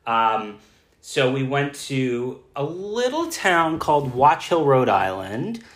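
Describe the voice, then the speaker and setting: A man's voice: mid-range voice, very animated, takes it slowly, fairly bright tone. A man co-hosting a travel podcast in casual chat, self-deprecating and laughing often. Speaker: podcast co-host. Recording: roomy echo.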